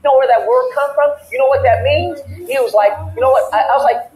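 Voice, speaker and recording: A man's voice: very high voice, fast talker, a little mellow, echoey room, low-quality recording. A man hosting a casual talk show, telling a heated story and acting out both sides of the argument. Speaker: podcast host. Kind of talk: animated storytelling rant.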